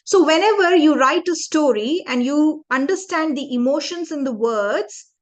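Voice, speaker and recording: Lively high-voiced woman teaching speaking. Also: moderate pace. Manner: animated, demonstrative, asks the class questions. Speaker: public speaking trainer. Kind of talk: interactive lesson to young students.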